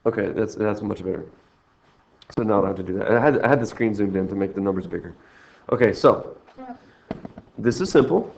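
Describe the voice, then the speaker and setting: Jokey teacher with a gravelly voice. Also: male voice, fairly low pitch, brisk, pauses often, darkish tone. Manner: jokey, rambling, self-mocking. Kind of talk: recorded math lesson walkthrough. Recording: dull lo-fi screen recording.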